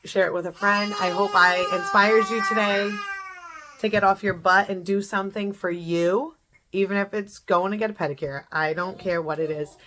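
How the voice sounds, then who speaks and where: A woman's voice: medium pitch, fairly even intonation, moderate pace, pushed and bright, slight background noise. A woman in her thirties giving an earnest, repetitive motivational pep talk to camera, as in a home beauty vlog. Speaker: beauty vlogger.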